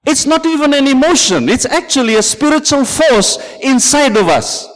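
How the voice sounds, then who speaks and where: Male pastor, sermon delivery, very lively swinging pitch, long hall reverb. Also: normal speed. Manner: preaching with calls of "Amen" and "Praise the Lord", storytelling.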